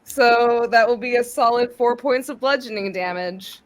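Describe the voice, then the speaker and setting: A woman's voice: on the high side, moderate pace, slight background noise. A woman playing a tabletop game, animatedly describing her character's attacks with many fillers. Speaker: player.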